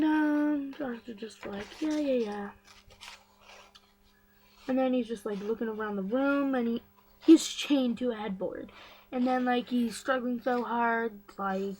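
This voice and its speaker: A woman vlogger retells a story in a slightly high voice. She is chatty and gossipy, and her talk is full of fillers and quick side comments. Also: a little mellow, rough recording. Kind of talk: casual story recap.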